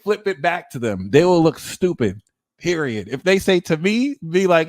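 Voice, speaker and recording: A man in his thirties giving a livestream tarot reading, talking in a blunt, animated way and swearing freely. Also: a little high, normal speed. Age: 30s. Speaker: tarot reader.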